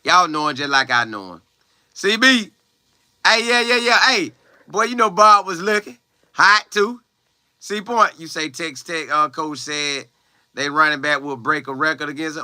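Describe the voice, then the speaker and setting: A young man livestreaming and reading viewer comments, talking loose and slangy with lots of exclamations. His voice sits fairly high and cuts through very brightly. The sound is dry and close, with no room around it. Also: lively intonation, unhurried, dry recording. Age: young adult. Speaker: college football player livestreaming. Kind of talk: casual live chat, reading viewer comments aloud.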